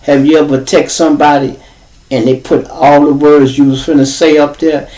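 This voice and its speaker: This is a podcast host with a Chicago accent and a somewhat high voice, talking at normal speed, recorded from a distance in rough audio. He tells a story in a loose, swearing monologue and animatedly plays the people he quotes.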